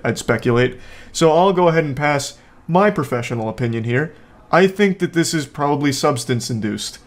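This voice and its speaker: Sarcastic man doing reaction commentary. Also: mid-range voice. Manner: sarcastic, deadpan jokes. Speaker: commentary host. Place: home.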